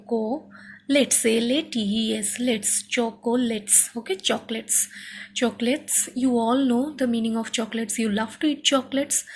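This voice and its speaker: Female teacher, slightly high and husky, unhurried phonics lesson. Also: a little mellow. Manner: slow, spells words letter by letter, frequent "okay?".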